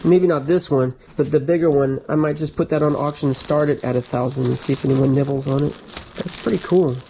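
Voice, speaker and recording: Guy showing off his locker finds, all hyped, mellow slightly high voice, faint hiss. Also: fairly even intonation, fairly quick, low-quality recording. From United States. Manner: enthusiastic, thinks aloud, drops into whispers. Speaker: storage locker reseller and channel host. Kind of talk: casual vlog, excited show-and-tell of finds. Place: storage locker. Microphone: GoPro camera.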